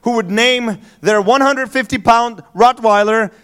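A man voicing a deadpan talking parrot. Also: very high-pitched, a little slow, a little hiss or hum. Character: calm, cheeky talking parrot.

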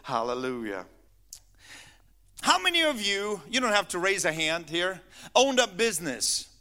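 A male pastor delivering a sermon in a high-pitched, crisp and forceful voice. His delivery is lively and sweeping, full of rhetorical questions and playful asides to the listeners. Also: measured pace. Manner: animated storytelling, teasing asides to the congregation.

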